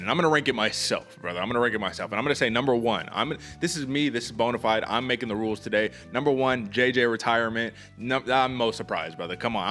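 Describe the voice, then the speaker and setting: A man's voice: on the low side, a bit bright. A man hosting a casual sports podcast, talking energetically and emphatically to his co-host.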